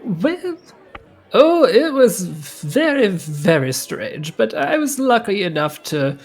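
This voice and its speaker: A woman's voice: medium pitch, big pitch swings, slow, darkish tone, husky. A woman player speaking in character at a tabletop game, rambling and hesitant. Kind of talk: in-character tabletop role-play.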